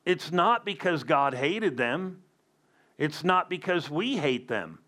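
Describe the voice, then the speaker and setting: A man's voice: on the high side, very animated, slow, sharp tone. A man preaching a sermon as a pastor, emphatic with conversational asides.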